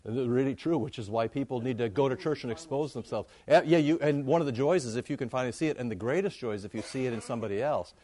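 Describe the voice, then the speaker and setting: A man giving an informal, conversational sermon to his congregation, jumping up high in pitch to make a point. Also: fast, hardly any pauses. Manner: conversational, animated, rises high for emphasis. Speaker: pastor.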